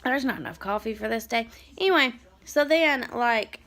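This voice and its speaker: A mother in her thirties telling a story in a rambling, animated vlog and turning aside to her children. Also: on the high side, normal speed. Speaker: mother vlogger.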